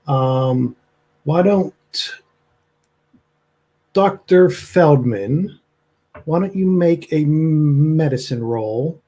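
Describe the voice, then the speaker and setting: A man narrating a tabletop game as game master. His voice is mellow and warm-toned. He talks at an easy pace with plenty of ums. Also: mid-range voice. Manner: relaxed, with many fillers.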